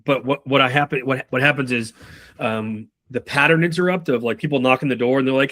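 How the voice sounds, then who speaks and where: A man giving a casual sales training talk, swearing freely and acting out pitches and customer replies. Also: a bit bright, dry recording. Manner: loose, profane, acts out sales calls in quick role-play.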